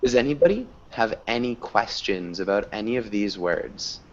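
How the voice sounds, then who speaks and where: Lively encouraging teacher on video call. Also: male voice, lowish voice, normal speed. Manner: encouraging, praising pronunciation. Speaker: English teacher. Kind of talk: online language class. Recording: dull lo-fi video call audio.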